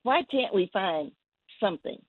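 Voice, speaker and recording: A woman poet guesting on a call-in show, telling a story in a gentle, rambling way with many restarts. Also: mid-range voice, expressive, moderate pace, no echo. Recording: tinny phone line.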